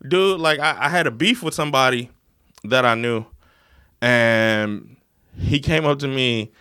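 A man's voice: medium pitch, measured pace, pushed and bright, smooth, dry recording. Blunt guy swearing a lot, casual chat, dry close sound. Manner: blunt, profane, emphatic.

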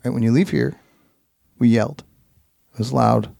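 A man's voice: mid-range voice, fairly even intonation, normal speed, creaky, dark tone, no echo, clean studio sound. A man hosting a casual conversation, laid-back and profane, often laughing as he tells stories. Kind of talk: casual chat.

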